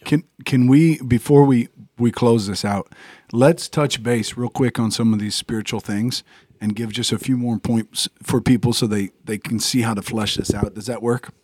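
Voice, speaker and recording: A man's voice: medium pitch, fairly even intonation, normal speed, a little mellow, breathy edge, no echo. A man with an ordinary mid-range voice talks casually on a podcast, and his stories ramble and correct themselves as he goes. The studio sound is dry and close. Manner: rambling, self-correcting storyteller. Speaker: podcast co-host or guest.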